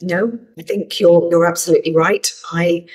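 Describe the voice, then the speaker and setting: Husky-voiced woman director, halting and thoughtful. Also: lowish voice, steady tone, a little mellow, poor audio. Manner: thoughtful, hesitant with restarts. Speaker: film director. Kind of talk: festival interview.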